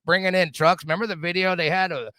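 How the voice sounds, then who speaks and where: A middle-aged man hosts a podcast in a heated, profane rant, tripping over repeated words as he pushes his points. His voice sits high and bright. The sound is close and dry. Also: fairly even intonation, fast talker, no room sound. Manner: profane, fired-up, repetitive stammering restarts. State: drinking whiskey. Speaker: podcast host. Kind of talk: casual political rant.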